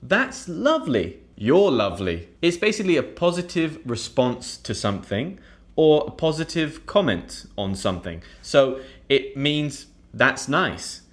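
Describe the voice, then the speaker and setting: Lively British man teaching English phrases. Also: a little slow. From United Kingdom. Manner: animated, acts out example phrases in a higher voice. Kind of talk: scripted online English lesson.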